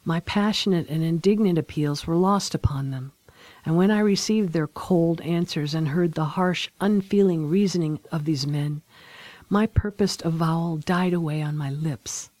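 Audiobook narrator, woman, solemn and dramatic, dark warm tone. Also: low voice, normal speed, dry recording. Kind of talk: scripted narration of a classic novel.

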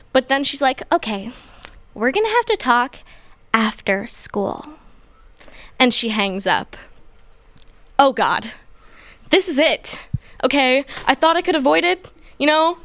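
A young woman telling a personal childhood story in an animated, playful way, acting out what people said. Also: high voice, no echo. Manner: animated, playful, acts out quotes. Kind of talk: personal story told to a group.

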